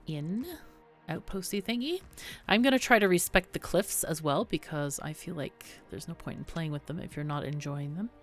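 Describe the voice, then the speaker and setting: Slightly hoarse woman, low-pitched, chatty gameplay commentary host thinking aloud, faint music underneath. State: slightly hoarse, losing her voice. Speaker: game tutorial host. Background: faint background music.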